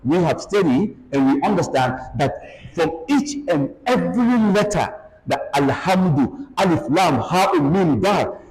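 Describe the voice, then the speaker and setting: Male lecturer, emphatic, animated delivery, fairly high voice, reverberant hall sound. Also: a little slow. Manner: animated, emphatic preaching with frequent exclamations. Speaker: Islamic lecturer. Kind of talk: religious lecture. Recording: echoey hall with faint background noise.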